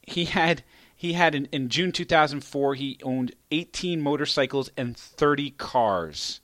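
A man co-hosting a casual comedy podcast, playful and quick to laugh. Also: fairly high pitch, a bit bright, dry recording. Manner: laughs often, playful, teasing. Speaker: podcast co-host. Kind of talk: casual banter.

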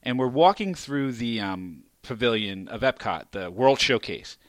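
A middle-aged man co-hosting a casual comedy podcast, telling family stories and acting out quotes with sudden loud jumps. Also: measured pace, no echo, clean studio sound. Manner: animated, acts out quotes with big pitch jumps. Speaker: podcast co-host.

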